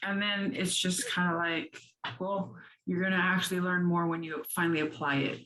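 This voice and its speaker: A woman's voice: normal speed, a crowd in the background, low-quality recording. A woman hosting a casual chat, telling stories and acting out quoted lines with big jumps in her voice. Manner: animated storyteller, acts out quotes with big pitch jumps. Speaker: host.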